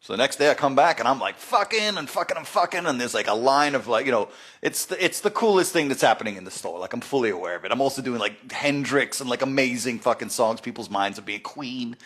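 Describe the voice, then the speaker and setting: Male stream host, mid-pitched, laid-back rambler with heavy profanity. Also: lively intonation, quick pace, a bit bright. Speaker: music producer hosting a live stream. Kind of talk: casual live-stream storytelling. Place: Los Angeles.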